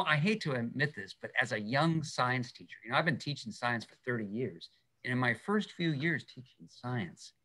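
A man's voice: a little high, pushed and bright. A middle-aged man, a science teacher, giving an enthusiastic, chatty talk with slides on a video call and checking in with "okay?". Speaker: guest speaker, middle school science teacher. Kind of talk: animated public talk with slides.

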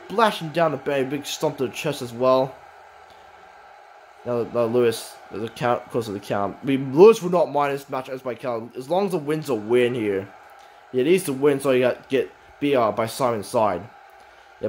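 A man giving excited play-by-play commentary on a wrestling match, swinging from calm description to shouting. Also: fairly high pitch, a little hiss or hum.

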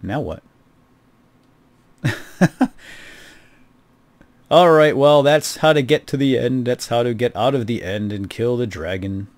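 A man's voice: medium pitch, slow, pauses often, no echo. A middle-aged man giving casual, wry gameplay commentary, chatting to viewers as he plays. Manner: chatty, wry, talks to viewers while playing. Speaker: gaming video host.

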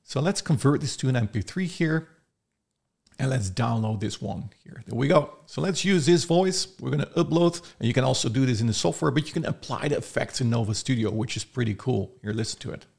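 Chatty man, gravelly. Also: mid-range voice, fairly quick, darkish tone. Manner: chatty, loose, thinking aloud. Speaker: software reviewer. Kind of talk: casual screen-recorded tutorial.

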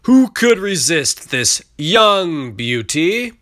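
A man voicing a brash male slave auctioneer in a Roman market, hawking loudly as if over a crowd. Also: very animated, very slow, no echo, clean studio sound, exaggerated voice. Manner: loud, hawking, pitched up above a crowd.

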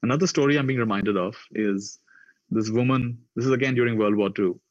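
A man speaking at a conference, telling reflective stories and raising his pitch to act out the people in them. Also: fairly quick, dry recording, muffled recording. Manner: acts out the voices in his stories with raised pitch. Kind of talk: reflective storytelling talk.

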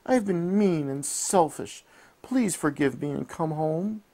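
A man's voice: very animated, normal speed, creaky, darkish tone. A man voicing a remorseful young female cat in a bedtime storybook, speaking in a raised, emotional voice. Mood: distressed. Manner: high, emotional, pleading.

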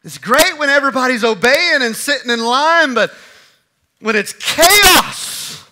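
A man preaching a sermon as pastor in a church, moving from loud emphatic lines to quiet, hushed ones. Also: very high voice, expressive, unhurried, slight background noise. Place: church sanctuary.

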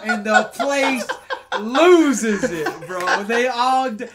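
A man hosting a podcast, telling a story in a casual, animated way and tagging "right?" onto his lines. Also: extremely high pitch, slow, over a noisy crowd. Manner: animated, acts out quotes, keeps adding "right?". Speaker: podcast host.

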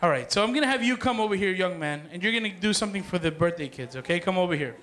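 Party magician, man, high bright voice, playful crowd patter with kids. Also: lively intonation, very fast. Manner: playful, joking, calls to the crowd. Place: party hall with dance floor.

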